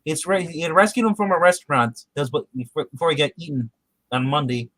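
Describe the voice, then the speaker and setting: A man's voice: a little high, quick pace, fairly bright tone, dry recording, rough recording. A man co-hosting a podcast, giving a casual episode recap and animatedly acting out the characters' quotes. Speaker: podcast co-host.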